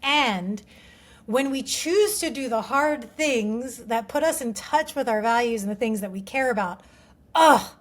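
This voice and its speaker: A woman appears as a guest coach on a podcast, explaining ideas through personal anecdotes. Her voice sits somewhat high, and she talks earnestly and reflectively, peppering her sentences with "like". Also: measured pace. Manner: earnest, reflective, storytelling with many "like" fillers. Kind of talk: casual interview chat.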